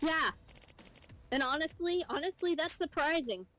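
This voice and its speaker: Young woman, high voice, casual profane rants, faint music behind. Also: measured pace, fairly bright tone, rough recording. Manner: profane ranting storyteller, swears often. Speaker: streamer co-host. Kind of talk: casual chat.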